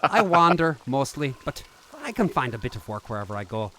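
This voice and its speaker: A man doing a wandering tinker, lively. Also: medium pitch, fairly quick, a little hiss or hum. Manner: put-on vague foreign-sounding accent, earnest. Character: wandering male tinker, soft-spoken outsider. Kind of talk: live voice-over of a game.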